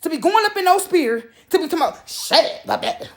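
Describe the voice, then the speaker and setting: Animated high-voiced woman telling stories. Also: fast talker. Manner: animated storytelling, mimics others. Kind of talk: casual monologue.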